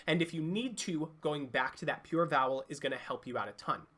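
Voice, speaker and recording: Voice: medium pitch, a little fast, sharp tone. Instructive singing coach explaining technique. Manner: clear, instructive, demonstrates sounds. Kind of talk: online vocal lesson.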